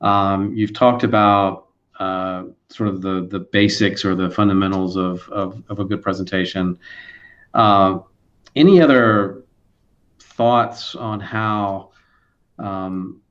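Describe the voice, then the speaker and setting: A man hosting a casual video interview, asking questions in a halting way with many restarts and fillers. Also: low voice, steady tone, fairly bright tone, highs cut off. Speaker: host.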